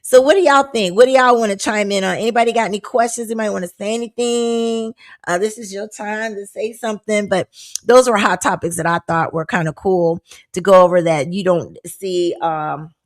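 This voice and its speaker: A woman with a mid-range voice speaks fairly quickly while hosting a live-streamed talk show. She chats loosely and reads viewer comments aloud, laughing and exclaiming often.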